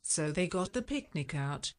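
A woman reading a children's picture story aloud in a slow, deliberate way for learners. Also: lowish voice, big pitch swings. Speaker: storybook reader.

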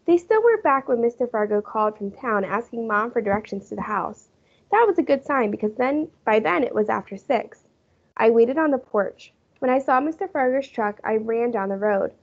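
A woman teacher reading a children's chapter book aloud in a lively storytelling manner. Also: fairly high pitch, moderate pace. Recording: muffled lo-fi recording.

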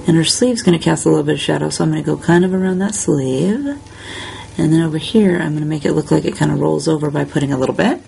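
A woman hosting a step-by-step coloring tutorial, talking in a relaxed, chatty way while she works. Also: low voice, creaky, slight background noise. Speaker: crafting tutorial host.

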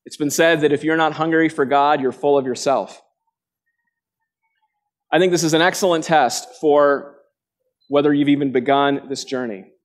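A man with a somewhat higher voice preaches a sermon before a live congregation. He talks earnestly, asking his listeners direct questions. When he acts out quotations, his voice jumps sharply in pitch. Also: steady tone, moderate pace, long pauses.

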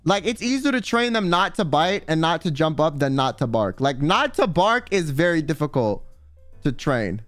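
Brief: male streamer, high and bouncy voice, smooth and dry, rambling profane chat over faint music. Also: moderate pace, dry recording. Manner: rambling, profane, heavy use of "like"; animated, dramatic emphasis. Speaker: livestream host.

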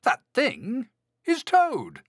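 A man voicing a calm, gentle male frog in a children's storybook reading, with mild, patient remarks. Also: fairly high pitch, a little slow, slightly rough, no room sound, clean studio sound, voice pushed up, full character voice.

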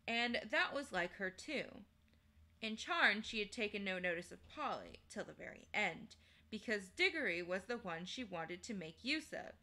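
A woman streamer reading a children's novel aloud in a measured, unhurried way. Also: mid-range voice, lively intonation, pushed and bright. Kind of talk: storybook read-aloud.

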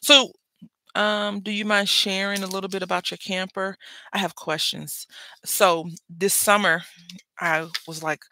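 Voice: medium pitch, level tone, measured pace, pushed and bright, a little hiss or hum. A parent of school-age children hosting a papercraft session, chatting casually and rambling while crafting. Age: adult with school-age kids. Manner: rambling, chatty, self-interrupting. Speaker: papercraft channel host.

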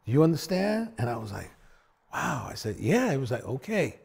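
A man, a bassist, telling stories in a sit-down conversation, acting out quotes with big swings in his voice. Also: moderate pace, creaky, slightly rough. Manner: animated storyteller, acts out quotes with big pitch swings.

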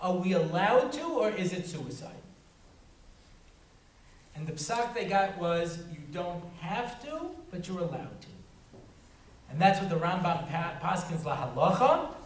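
Rabbi telling funny stories, high-ish voice, roomy hall, mic kinda far. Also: male voice, very animated, a little slow. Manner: storytelling, breaks into voices and laughs. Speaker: rabbi giving a talk. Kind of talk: humorous Torah talk with acted-out quotes. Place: synagogue hall. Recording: roomy hall recorded from afar, faint noise.

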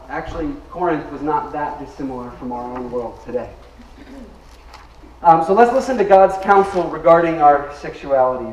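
A male pastor preaches a sermon, pitched a little high for a man and pressing his points with emphasis. He gets the congregation to repeat words back to him. The sound is roomy and echoey, picked up from some distance in a church. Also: a little hiss or hum. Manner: emphatic, leads the congregation in call-and-response. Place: church sanctuary. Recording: echoey room, mic at a distance.

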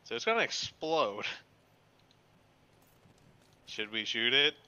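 A man's voice: mid-range voice, slow pace, clear, resonant tone, dull audio. A man casually chatting and laughing while playing a video game with a friend. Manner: excitable, laughing. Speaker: co-player. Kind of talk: casual gameplay chat.

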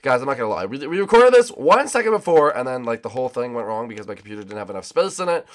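A man hosting a gaming channel, rambling excitedly to viewers while racing. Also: medium pitch, very fast. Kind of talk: casual gameplay commentary.

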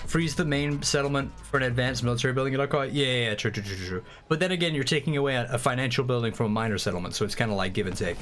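A man livestreaming a strategy game, chatting casually and excitably with frequent swearing and rambling asides. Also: medium pitch, rapid-fire, few pauses. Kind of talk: casual gameplay commentary. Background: faint game music.

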